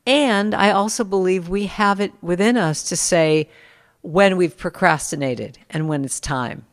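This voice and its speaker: Animated storytelling woman, echoey sound. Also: on the low side, a little slow. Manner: animated storyteller, acts out quotes. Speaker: musician guest. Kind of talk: casual conversation.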